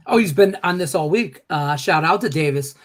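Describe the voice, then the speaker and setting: A man's voice: fairly high pitch, animated, moderate pace, over a noisy crowd. A man hosting a sports betting show, joking and rambling as he reads viewer comments aloud. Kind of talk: casual sports betting chat.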